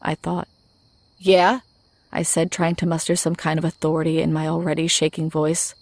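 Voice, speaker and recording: A woman narrates a horror story in a low, flat voice with a gravelly rasp. Her delivery is steady and scripted, and the recording is dry and close. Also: a little fast, no room sound.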